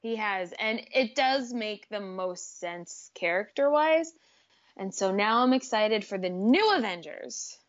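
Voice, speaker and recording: A woman's voice: mid-range voice, measured pace. Easygoing woman, dull lo-fi audio. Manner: relaxed, agreeable, lots of "like" fillers. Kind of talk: casual chat.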